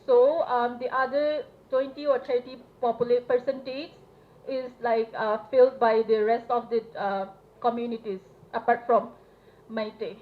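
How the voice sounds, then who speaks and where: Young woman from Manipur, student speaker, higher voice, hesitant and earnest; tinny phone-quality audio. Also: fairly even intonation, normal speed. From Manipur, India. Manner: hesitant, earnest, many fillers. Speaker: student representative speaking at a solidarity event. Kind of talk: public speech. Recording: tinny phone-like live stream with faint noise.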